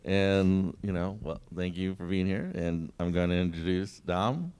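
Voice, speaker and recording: Man, coach and teacher, low voice, easygoing, lots of "you know". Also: a little slow, darkish tone, smooth. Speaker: special education teacher and basketball coach. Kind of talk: casual panel chat.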